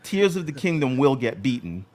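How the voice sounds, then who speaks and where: A man's voice: mid-range voice, big pitch swings, moderate pace, a little mellow. A man co-hosting a gaming podcast, chatting casually and rambling with many fillers and restarts. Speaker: podcast co-host.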